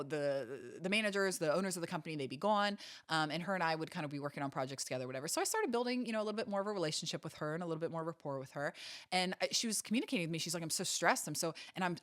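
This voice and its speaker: Woman host, lowish voice, close dry mic, earnest and emphatic monologue. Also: dry recording. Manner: earnest, emphatic, repeats phrases for stress. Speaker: podcast host. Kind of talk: personal storytelling monologue.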